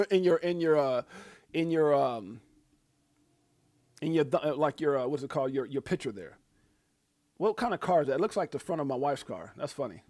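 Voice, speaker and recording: A man's voice: medium pitch, lively intonation, moderate pace, pauses often, darkish tone. A middle-aged man hosting a crypto livestream in a rambling, chatty way, with many fillers and easy laughs. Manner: laughs easily. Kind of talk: casual livestream chat.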